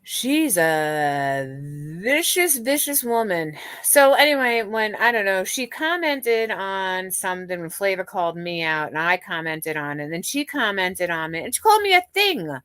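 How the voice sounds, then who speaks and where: A woman hosting a livestream chats casually and gossips with her live viewers, swearing freely and often restarting sentences. Her mid-range voice is very animated and fairly bright, at normal speed, with no room sound.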